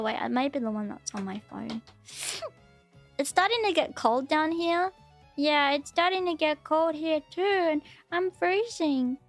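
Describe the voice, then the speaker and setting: A woman with an Australian accent, chatting casually and rambling on a live stream as a VTuber host. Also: high voice. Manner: chatty, rambling, repeats herself.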